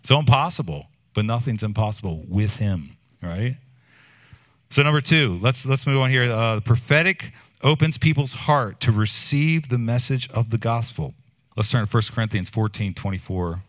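A man preaching a sermon in a conversational, animated storytelling way, with many fillers and restarts. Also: medium pitch, normal speed.

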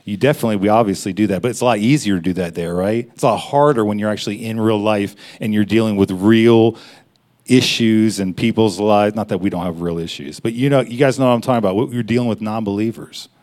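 A man gives a sermon in a relaxed, talk-to-you style, with asides and short laughs that keep it informal. His voice sits somewhat low for a man. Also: fast. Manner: conversational preaching, frequent laughs and asides. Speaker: pastor.

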